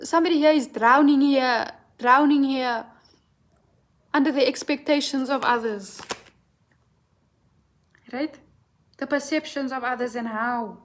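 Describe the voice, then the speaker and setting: High-voiced woman in a blunt tarot rant. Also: a little slow, long pauses. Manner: blunt, profane, repeats "right?". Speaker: tarot reader. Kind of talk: impassioned tarot reading rant.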